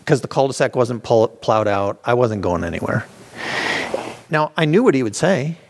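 A man teaches a small group in an everyday, conversational way. He restarts his sentences often and acts out the excuses people make in quick put-on voices. His pitch sits in the middle range. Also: lively intonation, darkish tone, a little hiss or hum. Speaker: Bible study leader. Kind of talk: informal teaching.

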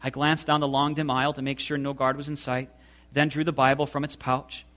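Man reading a memoir aloud. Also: mid-range voice. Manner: slow, deliberate, expressive reading. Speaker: reader.

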